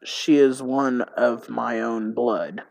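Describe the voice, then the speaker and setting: A man voicing a determined male companion in a text adventure game, in a near-ordinary read-aloud voice with a slow, plain delivery. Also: mid-range voice, vocal fry, a little mellow, dry recording, low-quality recording. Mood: earnest. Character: determined man searching for his sister.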